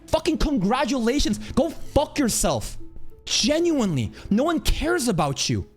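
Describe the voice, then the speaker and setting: A man streaming an angry rant, aggressive and profane, speaking in a rapid, assertive way. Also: very high-pitched, wildly swooping pitch, slightly rough, faint music behind.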